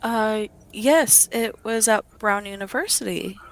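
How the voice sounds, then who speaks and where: A woman playing a tabletop game, chatting casually and asking quick questions. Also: medium pitch. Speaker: player. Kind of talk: casual play chat.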